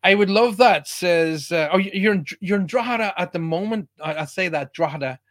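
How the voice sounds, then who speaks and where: Speaking briskly in a slightly high voice, this man from Ireland runs a live online broadcast. His talk is relaxed stream chatter, and he welcomes viewers by name.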